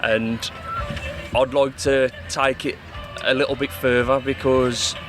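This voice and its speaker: A man's voice: mid-range voice, level tone, takes it slowly. A man from the Midlands, a poet talking casually in an interview outdoors at an event, plain-spoken and calling the host mate. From English West Midlands. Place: outdoor event with music behind. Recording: outdoor event with loud music behind. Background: live music.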